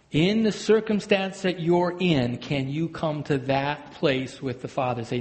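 A man preaches a sermon from the pulpit, his voice set at an ordinary middle pitch. He swings between loud, emphatic bursts and soft, hushed lines. His words carry a long reverb through a large hall. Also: expressive, normal speed, hardly any pauses. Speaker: pastor.

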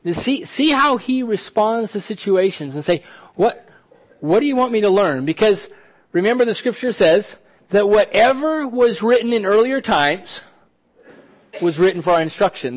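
A man preaching a sermon as pastor, animated, often repeating words and dropping to a soft, intense hush. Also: high voice, moderate pace.

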